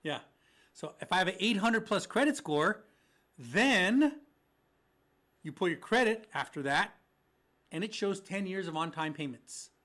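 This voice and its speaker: A man with a high-pitched voice co-hosts a casual mortgage show. He answers listener questions with jokes and puts on mock voices for the lenders. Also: animated, a little slow, long pauses, a bit bright. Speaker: mortgage podcast co-host.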